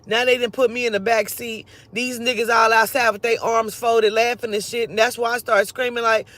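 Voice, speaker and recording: A woman telling a personal story in a casual, animated and profane way, acting out the other people's lines as she goes. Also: a little high, brisk, dry recording.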